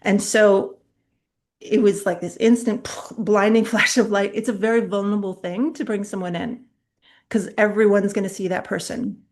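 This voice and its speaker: A middle-aged woman, a public speaking coach, teaching an online master class in a chatty, animated way, often laughing mid-sentence as she tells stories. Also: medium pitch, moderate pace, slight background noise. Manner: chatty, direct, addresses viewers.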